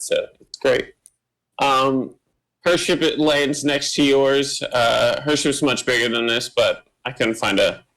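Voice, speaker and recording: A man narrating a tabletop game as game master, slow and full of fillers. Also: mid-range voice, vocal fry, fairly bright tone, low-quality recording. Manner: slow, filler-heavy, meandering.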